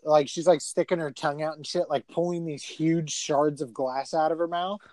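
A fairly high-voiced man chatting loosely about a film he just watched, swearing freely and padding his sentences with "like" and "um." The sound is dry and close, with no room around him. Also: steady tone, normal speed, a little mellow, no room sound. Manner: rambling and profane, heavy filler words. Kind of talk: casual movie review chat.

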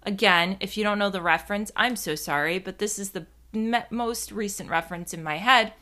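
A young woman with a bright, forceful voice and middling pitch tells a loose, rambling story. She talks casually, swears freely and packs her sentences with fillers, the way a podcast host chats with her listeners. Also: fairly quick. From New Jersey. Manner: chatty, profane, rambling with many fillers.

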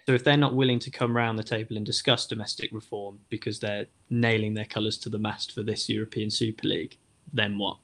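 A man leading a casual football discussion, asking probing, measured questions. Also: lowish voice, little pitch movement, fairly bright tone.

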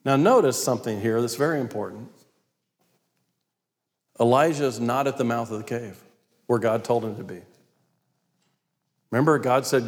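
A man's voice: medium pitch, moderate pace, long pauses. A male preacher retelling a scripture story in an emphatic, storytelling sermon. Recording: long hall reverb.

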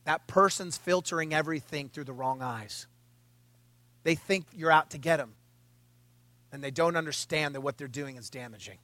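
A man preaching a conversational sermon podcast as a pastor, animated and chatty, with wry asides and quoted voices. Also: fairly high pitch, normal speed, long pauses, dry recording.

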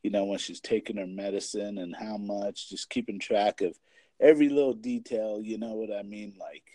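A man's voice: lowish voice, moderate pace, mellow, no room sound. A young man in casual chat, rambling with lots of filler words and swearing as he talks about his family. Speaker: parent and kids' basketball coach.

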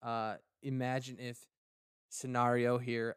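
A man's voice: medium pitch, normal speed, smooth, faint music behind. A man co-hosting a casual podcast, joking and rambling playfully on a close mic. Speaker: podcast co-host.

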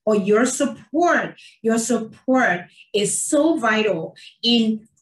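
A woman's voice: fairly high pitch, lively intonation, slow. A woman nurse hosting an online interview show, talking casually and effusively with many fillers. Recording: roomy, distant from the mic.

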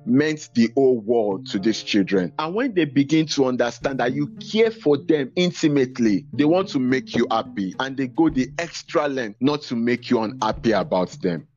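A man, a teacher and podcaster, talking in an interview in a measured, reflective way, stressing his points. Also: mid-range voice, a little mellow, dull audio. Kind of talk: interview guest, earnest storytelling.

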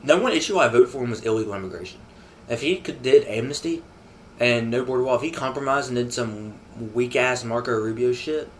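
A man's voice: mid-range voice, a little hiss or hum. A man interviewed as a voter, speaking bluntly and outspokenly.

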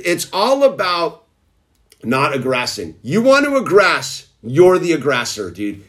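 A man in a casual monologue rant, lecturing emphatically and calling the listener "dude" over and over. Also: fairly high pitch. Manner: preachy, repeatedly saying "dude".

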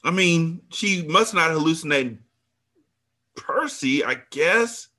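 A man hosting a book club podcast, reacting to the story with animated exclamations and drawn-out remarks. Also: a little high. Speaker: podcast host.

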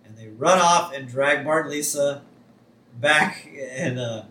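A man co-hosting a podcast, chatting casually as he recaps an episode and slips into quick character voices when quoting. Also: medium pitch, pushed and bright, roomy sound, a little hiss or hum. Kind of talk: casual chat.

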